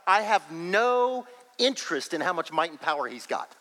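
A man preaching a sermon as pastor, emphatic and animated, often breaking into laughter. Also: a little high, moderate pace, in a large hall, low-quality recording.

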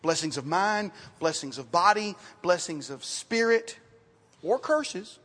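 A man preaching a sermon as pastor, in a conversational style, repeating words and dropping to quiet asides. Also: high voice, animated, slow. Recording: reverberant hall, sometimes off mic.

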